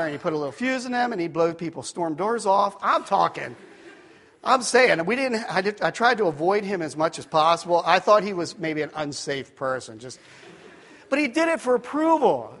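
A middle-aged man preaching, telling a personal story with many asides and restarts. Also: sits high. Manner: rambling storyteller, drops to quiet tones for serious moments.

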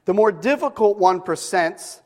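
Middle-aged man, sermon, casual rambling delivery, slightly high voice. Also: animated, a little slow, a little mellow, long reverb tail. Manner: casual, rambling with frequent restarts. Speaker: pastor. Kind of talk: sermon with storytelling. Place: speaking to a live audience at a Bible school.

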